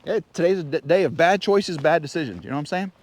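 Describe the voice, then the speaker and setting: A vlogger with a somewhat high voice talks quickly while walking through snowy woods, filming himself on a handheld camera. A little breathless, he chatters eagerly and hops from one thought to another.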